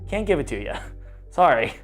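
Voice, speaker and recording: A man's voice: on the high side, very animated, normal speed, fairly bright tone, faint music behind. Chatty man hosting a trivia stream. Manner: chatty, self-mocking, fumbles pronunciations. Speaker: trivia game host.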